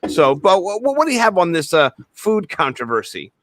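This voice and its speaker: Rambling, animated male podcast co-host. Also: high voice, fairly quick, a little hiss or hum. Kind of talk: casual sports podcast chat.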